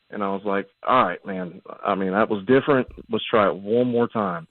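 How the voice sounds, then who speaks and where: A man's voice: lowish voice, fairly even intonation, fairly quick, few pauses, dry recording. A man calling in to a radio show and telling a long rambling story, with lots of ums. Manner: rambling, many ums and you-knows. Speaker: caller. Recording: tinny phone line.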